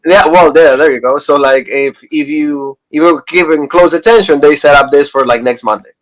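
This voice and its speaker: A man talking casually as co-host of a wrestling review show. His voice sits a bit high for a man, and he rambles along with plenty of fillers and quick laughs. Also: a bit bright, poor audio. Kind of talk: casual chat.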